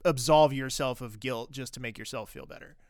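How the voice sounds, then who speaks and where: A man co-host in a casual podcast chat with a smooth, resonant voice recorded dry and close. He speaks earnestly, pausing and restarting as he works through his thoughts. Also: medium pitch, a little mellow, no room sound. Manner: earnest, hesitant, with many fillers.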